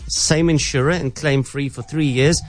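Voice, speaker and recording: A man's voice: on the high side, steady tone, normal speed, faint music behind. A South African man hosting morning radio, bantering in a playful, jokey way. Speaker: radio host. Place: radio studio.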